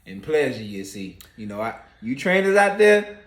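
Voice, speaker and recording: A man's voice: medium pitch, big pitch swings, moderate pace, reverberant, very noisy. A man joking in casual chat, with playful, preachy asides. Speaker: co-host, her husband.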